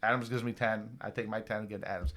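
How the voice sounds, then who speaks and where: A man's voice: lowish voice, rapid-fire, background noise. A man from Northern New York, telling a story in a casual podcast chat and acting out the people in it. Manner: animated, laughing, lots of acted quotes. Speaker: podcast co-host.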